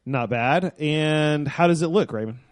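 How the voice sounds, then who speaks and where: A man's voice: fairly high pitch, measured pace, no echo. Male podcast host, upbeat and chatty, laughs easily, dry close sound. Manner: enthusiastic, laughs often. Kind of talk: casual podcast chat.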